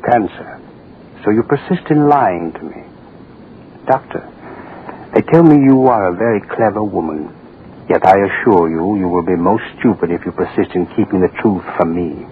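An actor playing an arrogant, menacing state official who speaks curtly and with contempt, in 1940s radio-acting style. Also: male voice, low voice, moderate pace, close to an everyday voice. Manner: curt, domineering, contemptuous. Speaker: propaganda official, His Excellency. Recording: dull old radio recording with faint hiss.

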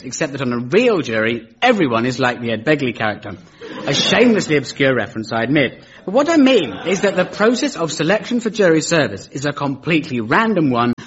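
A man's voice: on the high side, a bit bright, husky. A man hosting a comedy show, delivering a dry, mock-formal satirical lecture with sarcastic punchlines. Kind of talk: scripted satirical stand-up lecture. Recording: dull lo-fi broadcast recording.

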